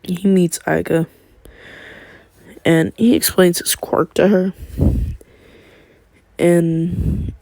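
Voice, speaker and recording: A man's voice: sits high, level tone, very slow, creaky, pauses often, darkish tone, no room sound. A man casually narrating a fan-made story, rambling with slangy asides and wandering off on tangents.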